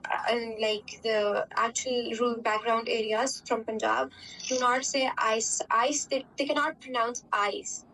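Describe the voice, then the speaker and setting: A woman's voice: on the high side, steady tone, a little slow, sharp tone. A young woman from Pakistan, speaking English with a Pakistani accent, answers interview questions in a chatty way full of fillers and tag questions. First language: Urdu. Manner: chatty, many fillers and "right?" tags. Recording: distant mic with faint background hum.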